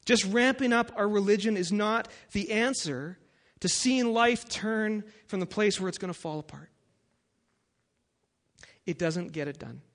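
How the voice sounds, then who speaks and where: A pastor giving a sermon and reading scripture aloud, emphatic and building to forceful peaks. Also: male voice, high voice.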